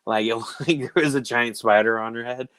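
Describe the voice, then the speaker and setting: A man's voice: mid-range voice, a little fast, clean tone, no room sound, poor audio. A man in his thirties, a podcast host, telling family stories in casual chat and acting out his kids' voices. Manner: animated, acts out family members in quoted voices.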